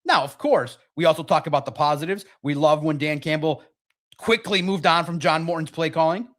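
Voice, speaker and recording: A man hosting a casual sports talk livestream, excitable and rambling, with a slightly raspy voice. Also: fairly high pitch, a little fast. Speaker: podcast host.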